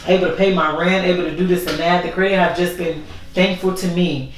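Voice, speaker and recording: A woman's voice: fairly low pitch, fairly even intonation, fairly quick, slight background noise. Candid woman vlogging in an echoey room. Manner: candid, rambling, repeats herself. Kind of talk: casual heartfelt vlog talk. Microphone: voice only, camera not working. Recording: very echoey room, far from the mic.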